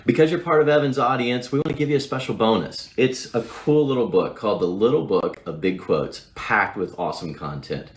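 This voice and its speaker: A man's voice: medium pitch, fairly quick, hardly any pauses, echoey room. A man reading a short friendly promotional message. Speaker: promo announcer. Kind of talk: scripted promo.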